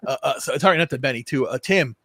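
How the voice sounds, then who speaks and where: A man's voice: medium pitch, fast talker, fairly bright tone, no room sound, clean studio sound. A man hosting a casual political chat show, rambling with frequent restarts and repeated words, and swearing now and then. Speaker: show host.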